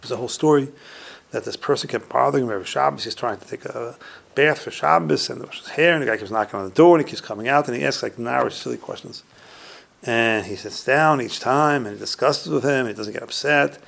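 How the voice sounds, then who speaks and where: Male Torah teacher, gravelly mid-range voice, retells Talmud stories and often trails off quietly. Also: mid-range voice, fairly quick. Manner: retells Talmud stories, reciting Hebrew and Aramaic phrases and then translating. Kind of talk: recorded Torah class on humility.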